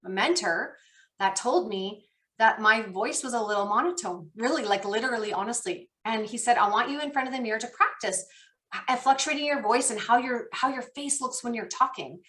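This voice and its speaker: A woman trainer on a team call, talking with an excited, animated storytelling manner. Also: a little high, a little fast. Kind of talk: enthusiastic coaching chat.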